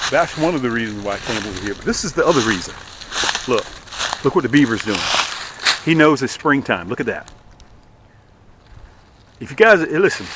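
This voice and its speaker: A man hosting his fishing channel outdoors on a lake, pointing things out and pitching his own lures, sometimes dropping to a near-whisper. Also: background noise. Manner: animated, repeats "look at that", drops to near-whisper at times. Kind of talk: outdoor vlog with product pitch.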